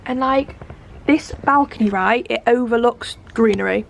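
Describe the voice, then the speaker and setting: A woman's voice: on the high side, moderate pace, vocal fry, a little hiss or hum. A woman, chatting bubbly and casually in a vlog, with giggly asides. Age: 20s. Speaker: vlogger. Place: large indoor shopping centre. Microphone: phone held at arm's length.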